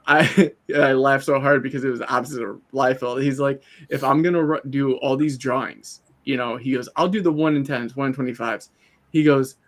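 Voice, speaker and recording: A man co-hosting a casual comics talk stream, telling long stories and quoting people as he goes. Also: mid-range voice. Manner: animated storyteller, quotes people in put-on asides. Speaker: co-host. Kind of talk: casual chat.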